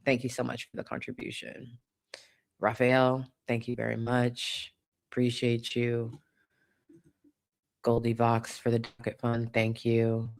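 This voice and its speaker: A woman's voice: a bass voice, completely flat delivery, a little slow, pauses often. Brief: woman livestream host, casual, chatty, thanking viewers. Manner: warm, chatty, swears casually. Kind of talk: casual livestream chat, reading viewer donations.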